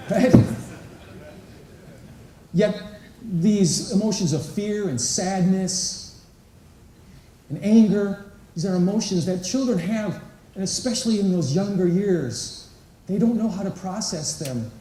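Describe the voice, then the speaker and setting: A man with a fairly high but mellow voice speaks to a live audience in a large conference hall. He asks the crowd questions and acts out little quotes as he talks. The sound is roomy and distant, as if the mic sits well away from him. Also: animated, unhurried, long pauses. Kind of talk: inspirational talk to a live audience. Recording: echoey hall, voice picked up from a distance.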